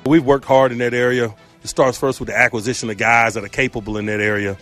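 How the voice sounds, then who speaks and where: A man speaking as a football coach at a press conference, measured and matter-of-fact. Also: mid-range voice, flat delivery, a bit bright, faint music behind.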